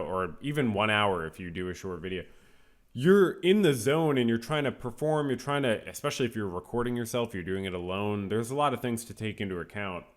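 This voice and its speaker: A man hosting his own podcast, talking casually in a rambling, self-correcting way with many fillers. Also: lowish voice. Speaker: podcast host. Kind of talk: casual solo podcast talk.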